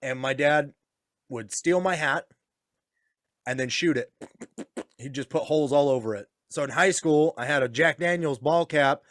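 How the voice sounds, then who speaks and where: A man's voice: a little high, moderate pace, pauses often, fairly bright tone, dry recording, studio quality. A man telling crude hunting stories in a casual chat, laughing often and mimicking a stern father. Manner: crude, laughing storyteller, mimics his serious dad. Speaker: podcast co-host.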